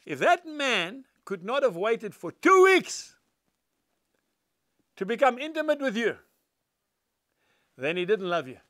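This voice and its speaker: A man's voice: very high voice, big pitch swings, takes it slowly, long pauses, fairly bright tone, no echo, studio quality. An older man, telling stories and preaching in an earnest, emphatic devotional talk.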